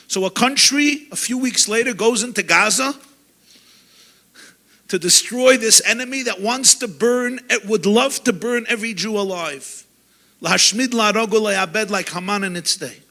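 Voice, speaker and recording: Impassioned high-voiced male rabbi preaching. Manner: impassioned, swings from loud to hushed. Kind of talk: sermon. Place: lecture gathering.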